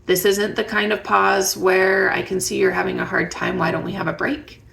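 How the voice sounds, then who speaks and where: A woman with a strongly gravelly, creaky voice gives parenting advice straight to her viewers. She talks in a conversational way, often stopping to ask them reflective questions. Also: medium pitch, little pitch movement, moderate pace. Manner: warm, conversational, asks the listener reflective questions. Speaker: parenting educator. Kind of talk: direct-to-camera advice talk.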